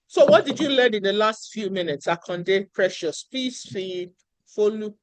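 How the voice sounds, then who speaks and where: A woman's voice: medium pitch, expressive, measured pace, dry recording. A woman teaching a research writing class over a video call. She talks in an emphatic, encouraging way and calls on students by name. The sound is dry and close. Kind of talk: online class lecture.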